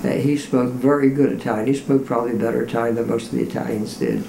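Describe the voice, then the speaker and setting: A man recounting parish history in an interview, measured and admiring, recorded in an echoey room. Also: medium pitch, fairly even intonation, gravelly, warm tone, slight background noise.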